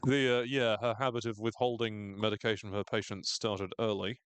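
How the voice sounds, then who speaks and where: A man's voice: lowish voice, flat delivery, fairly quick, clear, resonant tone, no room sound. A man co-hosting a podcast, recapping a show in casual chat and playfully putting on character voices. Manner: jokey, often mimics characters in raised voices. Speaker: podcast co-host.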